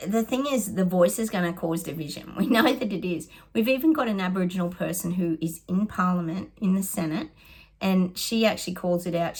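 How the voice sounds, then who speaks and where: A middle-aged Australian woman, a psychic giving casual predictions, chatty and sarcastic, often laughing. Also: fairly low pitch.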